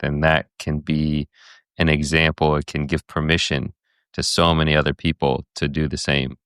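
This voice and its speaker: A man hosts an interview with a very deep, smooth voice. He speaks calmly and affirms what he hears. The recording is dry. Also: moderate pace, no echo. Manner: calm, affirming, reflective. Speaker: podcast host.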